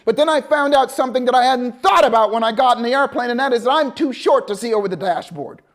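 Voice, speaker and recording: A man teaching a motivational seminar, telling a story with lively acted-out dialogue and swings between loud bursts and hushed, calm passages. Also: very high voice, fast. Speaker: motivational coach.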